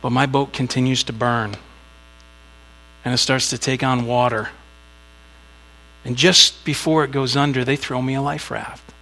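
A man delivers a sermon with a gravelly, creaky edge to his voice. He speaks conversationally and slips into small acted asides while telling a story. A faint electrical hum sits behind the recording. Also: mid-range voice, steady tone, measured pace, long pauses, bright, forceful tone, poor audio. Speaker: pastor.

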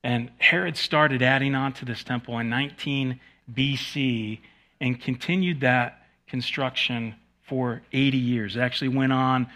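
Bright-voiced pastor preaching casually. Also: male voice, mid-range voice. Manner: conversational, joking asides, frequent restarts. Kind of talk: sermon teaching. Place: in front of a live congregation.

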